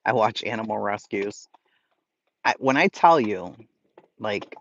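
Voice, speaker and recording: A Boston-accented male streamer reads chat and rants casually, blunt and profane. His medium-pitched voice is expressive and measured in pace, heard over slightly dull, lo-fi audio.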